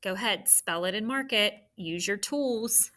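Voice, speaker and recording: A woman's voice: medium pitch, a little slow, pushed and bright. A woman teaching a phonics and spelling lesson, encouraging and spelling words out letter by letter.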